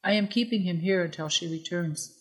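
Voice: medium pitch, fairly quick, a bit bright, lightly acted. A narrator reading a polite young woman. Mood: polite firm. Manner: polite, firm refusals. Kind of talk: storybook reading.

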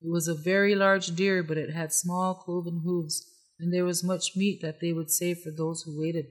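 Measured storyteller, calm, story read aloud. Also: medium pitch. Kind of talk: scripted story narration.

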